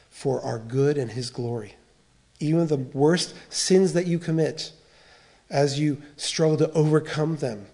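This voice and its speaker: A middle-aged male pastor gives a sermon built around his own testimony, speaking candidly and confessionally. His voice sits a touch higher than most men's. He often restarts his phrases as he works through the story. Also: a little mellow. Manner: candid and confessional, with frequent restarts and short laughs.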